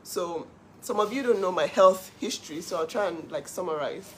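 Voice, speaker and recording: A middle-aged woman hosting her own live stream, telling her story with animated emphasis. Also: on the low side, moderate pace, a little hiss or hum. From Nigeria. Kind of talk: casual live-stream monologue.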